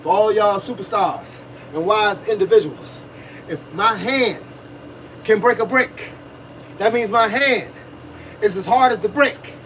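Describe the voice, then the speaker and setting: High-pitched black coach talking at a livestream, a bit off mic with light noise behind. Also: male voice, unhurried, pauses often, fairly bright tone, distant mic, low-quality recording. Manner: preachy, repetitive, talks to viewers, grunts while punching a bag. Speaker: boxing coach.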